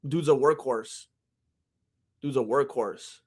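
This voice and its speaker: A man hosting a livestream, chatting casually and reacting to chat in an animated, rambling way. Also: mid-range voice, takes it slowly, breathy edge. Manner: animated, rambling, jumps into voices. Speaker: livestream host.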